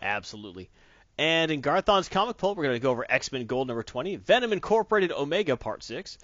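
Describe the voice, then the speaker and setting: Talking quickly and with lots of animation, this man co-hosts a casual podcast, cracking jokes, laughing often, and riffing on comics and movies as his voice rises and falls. His pitch sits a little high and his tone is a bit bright. There's no room sound, and the audio is dull, lo-fi, dry, and close-miked.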